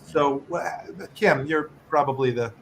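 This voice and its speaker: A chatty middle-aged man on a video call, tossing in little jokes as he reads. His voice sits a bit high for a man, and there is a faint hiss behind him. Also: a little slow, a bit bright. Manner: chatty, jokey, reads donations aloud with asides. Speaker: medical correspondent co-hosting. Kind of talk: casual video call chat.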